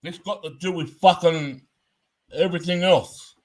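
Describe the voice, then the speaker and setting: A man delivering a fired-up commentary rant. His voice sits a little higher than most men's, and every point comes out blunt and laced with swearing. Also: steady tone, unhurried, a little mellow. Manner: profane, blunt and emphatic.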